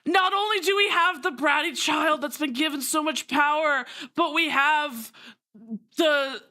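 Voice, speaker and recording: A woman streaming a game, giggly and excitable, reading the narration aloud and talking to chat. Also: high-pitched, measured pace.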